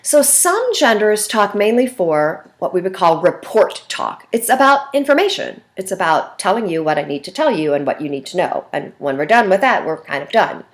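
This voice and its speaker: A woman teaching a communication class in a recorded video lecture, expressive and talking with her hands, acting out everyday conversations. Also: medium pitch, moderate pace, few pauses. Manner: acts out phone calls in lively voices. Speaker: communication instructor.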